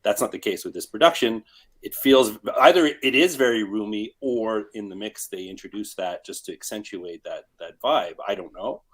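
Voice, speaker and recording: A man's voice: lowish voice, normal speed. A man guest on a live music panel, rambling and thinking aloud with many restarts. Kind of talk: casual panel discussion.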